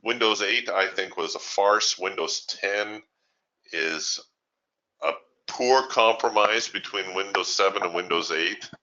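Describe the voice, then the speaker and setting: A man's voice: deep voice, a little slow, pushed and bright, muffled recording. A man hosting a live trading webinar, chatting casually and with strong opinions as he answers viewer questions, laughing easily.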